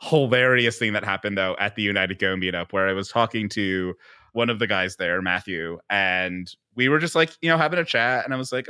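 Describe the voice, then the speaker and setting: Bright-voiced man telling rambling stories. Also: lowish voice, fast, smooth. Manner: rambling, animated storytelling with many fillers. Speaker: podcast co-host. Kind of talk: casual panel chat.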